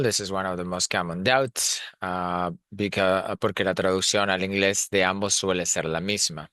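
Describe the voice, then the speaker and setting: Male language teacher, deep crisp voice, dry close sound, explains with many fillers. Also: sharp tone, no echo. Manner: thinks aloud with frequent fillers and restarts, switches between Spanish and English. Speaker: Spanish teacher. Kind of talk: explanatory lesson, reading notes and translating.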